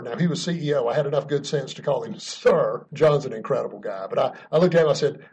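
A podcast guest talking about leadership tells a story earnestly and emphatically, chuckling now and then. His mid-range voice is a bit mellow and breathy, with lively intonation and a quick pace with few pauses, though the recording sounds muffled.

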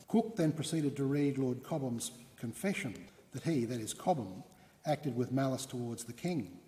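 Male lecturer, wry storytelling manner, mellow tone, long reverb. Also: mid-range voice, expressive, moderate pace.

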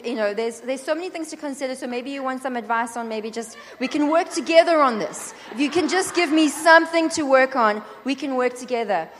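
A woman preaching at a conference, lively and acting out quoted prayers and dialogue. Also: high voice. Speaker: conference speaker. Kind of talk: sermon. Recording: long hall reverb.

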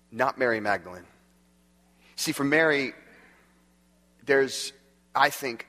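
Chatty guy preaching a sermon, laughs a lot, long echo in a big hall. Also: mid-range voice. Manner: conversational, animated, laughs often. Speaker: pastor.

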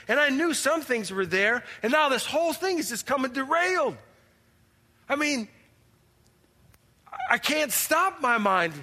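In this church drama skit, a man speaks in a very high, sharp voice, fully in character as an anxious, overwhelmed churchgoer. He pleads with God, stammering and exasperated, and the sound echoes through a reverberant hall.

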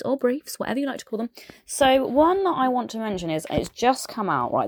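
A woman's voice: on the low side, darkish tone, no echo, studio quality. A woman with a strong southern English accent, chatting casually and enthusiastically as a podcast presenter, with frequent fillers and asides. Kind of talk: casual chat.

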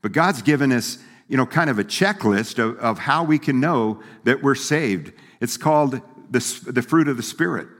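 A man's voice: medium pitch, expressive, moderate pace, hardly any pauses, a bit bright. Folksy male pastor in a reverberant hall. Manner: folksy, conversational preaching with laughs and quoted voices. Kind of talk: sermon.

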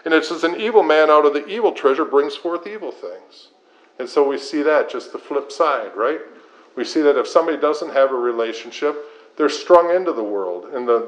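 A middle-aged man preaching a sermon in an earnest style, building points through repetition. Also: medium pitch. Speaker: pastor. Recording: slightly dull lo-fi sound.

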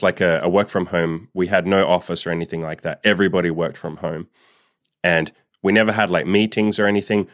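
Deep-voiced man in a candid, profane chat. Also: no echo, studio quality. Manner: candid and profane, heavy use of "like". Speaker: vlogger. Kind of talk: casual storytime monologue.

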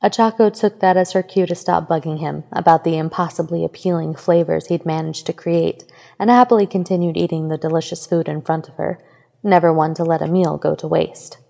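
A woman narrating a fan fiction story in a steady, even reading voice. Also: low voice, a little fast, vocal fry, big-room sound. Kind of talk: scripted narration.

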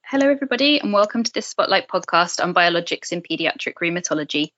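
A woman hosts a podcast at a quick clip, her low voice carrying a bright edge. The sound is dry and a little muffled. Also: expressive, no room sound. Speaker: podcast host, paediatric registrar. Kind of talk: podcast hosting. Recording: slightly dull dry podcast audio.

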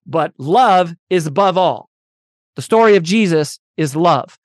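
A man's voice: fairly high pitch, expressive, measured pace, no room sound, clean studio sound. A man hosting a casual Bible teaching talk, chatty and full of "you know" and "right?", turning emphatic as he preaches. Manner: conversational, many fillers like "right?" and "you know"; grows emphatic and louder when preaching about love. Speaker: Bible study host.

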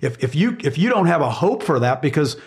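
A man's voice: on the high side, sing-song, brisk. A middle-aged man explaining Bible passages in casual conversation, earnest and emphatic, often repeating words as he searches for phrasing.

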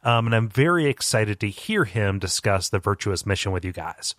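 A man's voice: on the low side, expressive, normal speed, fairly bright tone, dry recording. A man guesting on a podcast who reads a listener email aloud and makes wry remarks, laughing easily. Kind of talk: casual chat, reading an email aloud.

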